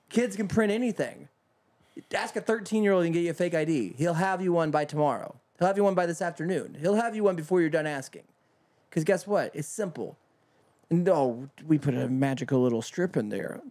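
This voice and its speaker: A man's voice: fairly high pitch, a little mellow. A man in his fifties hosting a casual podcast chat, ranting with exasperation and plenty of swearing. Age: 50s. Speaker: podcast host.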